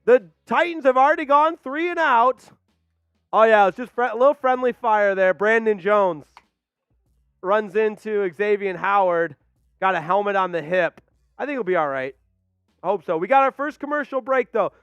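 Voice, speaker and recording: A man hosting a live stream, calling football play-by-play and shouting out viewers with loud hype. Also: high voice, moderate pace, clear, resonant tone, no room sound, muffled recording, faint music behind. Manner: hyped, shouting shout-outs. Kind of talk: excited watch-along play-by-play.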